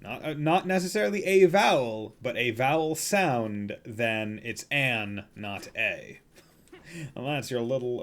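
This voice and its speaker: A young man streaming his gameplay, rambling and cracking jokes at an unhurried pace. His voice sits in a middle pitch, and he drifts between thoughts with plenty of filler words. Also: fairly bright tone. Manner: rambling and joking, with frequent "like" fillers. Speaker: gaming streamer. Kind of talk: casual let's-play commentary.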